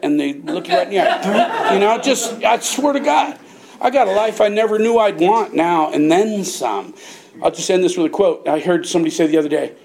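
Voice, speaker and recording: A man's voice: high-pitched, creaky. An older man giving a personal recovery testimony at a meeting, profane and rambling, laughing at himself as he talks. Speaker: speaker sharing his recovery story at a meeting.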